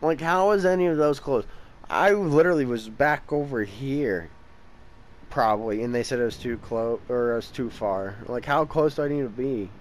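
A man's voice: medium pitch, normal speed, poor audio. A young man hosting a let's-play channel, giving casual commentary as he plays. He is tired and yawning, and he grows impatient, talking back to the game. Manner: frustrated, impatient, talks to the game. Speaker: gameplay channel host.

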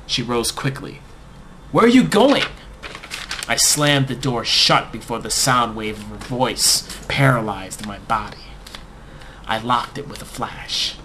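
A man narrating a comic first-person story in a deadpan, overblown storyteller manner. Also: mid-range voice, slight background noise.

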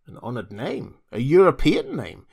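A narrator doing a smooth, velvety schemer with just a trace of a foreign accent, all oily politeness over something ruthless. His voice lifts high and ingratiating, then sinks smug and low as he talks of his price. The reading is a storybook performance. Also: wildly swooping pitch, moderate pace, a little mellow, full character voice. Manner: obsequious, smug and sly. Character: cunning, oily middle-aged male inventor selling secrets. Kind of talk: audiobook character reading.

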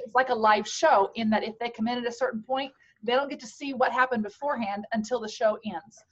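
A woman on a casual video call, explaining things at length with enthusiasm and restarts. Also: on the high side. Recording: dull lo-fi video call audio.

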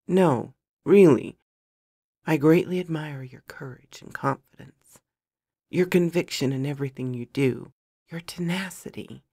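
A woman voicing a gentle, remorseful young male magician in a storybook reading, speaking softly and apologetically. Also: low voice, slightly rough, no echo, clean studio sound, full character voice. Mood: admiring. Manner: soft, apologetic, emotional. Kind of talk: storybook reading of a fantasy romance.

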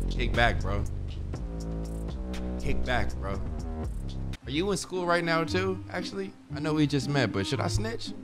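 Laid-back slangy young man streaming. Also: fairly low pitch. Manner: laid-back, slangy, says bro a lot. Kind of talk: casual gaming livestream commentary. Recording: game music playing behind.

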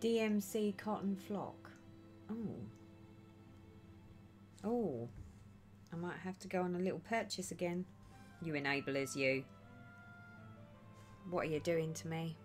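A woman chatting her way through a stitching livestream, reading viewer comments aloud and giggling often. She talks at an unhurried pace, with faint music playing underneath. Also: lowish voice. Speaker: livestream host. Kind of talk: casual stitching livestream chat.

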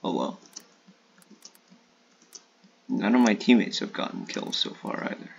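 A man streaming a shooter game in casual live commentary, swearing and trash-talking opponents with sudden excited outbursts. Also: lowish voice, unhurried, creaky, dull audio, a little hiss or hum.

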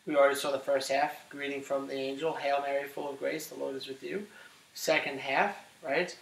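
Animated man teaching, roomy and off-mic. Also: mid-range voice, moderate pace, vocal fry, distant mic. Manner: animated, asks the class questions, says "right?" often. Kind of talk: classroom lecture on scripture.

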